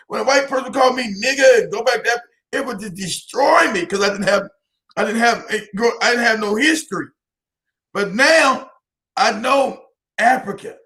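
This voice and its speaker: An emphatic man from the United States speaks as an interview guest, his voice sitting high and sounding bright and forceful. He circles back over his own phrases and breaks into laughter between points. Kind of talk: heated interview talk.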